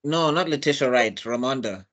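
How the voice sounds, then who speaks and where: A man's voice: medium pitch, lively intonation, moderate pace, fairly bright tone. A man, chatting casually on a film review panel, opinionated and rambling, often restarting his sentences. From South Africa.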